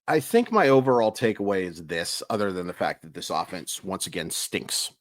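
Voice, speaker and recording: A man talking through a baseball recap for his daily channel, tired and emphatic as he vents. His voice sits on the low side and the sound is dry and close, with no room around it. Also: sing-song, normal speed, no room sound. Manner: exasperated, emphatic venting. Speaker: sports YouTuber.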